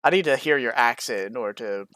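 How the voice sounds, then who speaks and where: A man's voice: mid-range voice, fast, pushed and bright, no echo. A man co-hosting a podcast, rambling in casual chat and laughing often. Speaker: podcast co-host.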